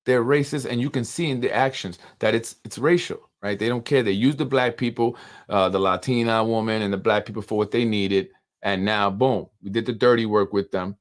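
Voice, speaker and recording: A man's voice: lowish voice, a little fast. A man hosting unscripted political commentary, emphatic and full of rhetorical questions and repetition.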